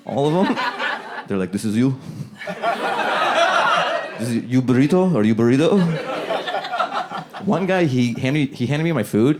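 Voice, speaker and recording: A man performing a stand-up comedy set on a club stage, acting out characters in quick asides. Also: medium pitch, background noise. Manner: animated, acts out voices in quick asides. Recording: loud audience laughter behind.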